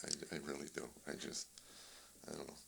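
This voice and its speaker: A man's voice: a bass voice, fairly quick, gravelly, slightly rough. An older man, a comedian guest in an interview, telling family stories and acting out the dialogue. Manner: animated storyteller, acts out family dialogue. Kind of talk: casual storytelling interview.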